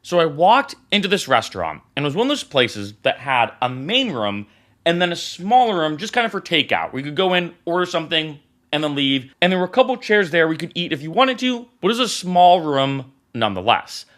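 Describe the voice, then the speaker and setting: A man's voice: a little high, a little fast. A young man telling a story in a casual vlog, acting out the dialogue as he goes. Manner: animated, acts out the dialogue. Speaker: vlogger.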